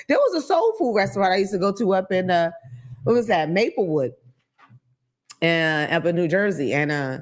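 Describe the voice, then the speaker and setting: A woman hosting her own talk show, riffing in a blunt, profane, animated monologue. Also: mid-range voice, normal speed, pauses often. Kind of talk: casual comedic monologue.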